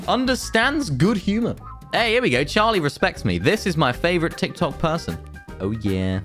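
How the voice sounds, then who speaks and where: Lively young man reacting to comments. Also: fairly high pitch, moderate pace, soft background music. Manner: jokey, reads comments aloud in mock voices.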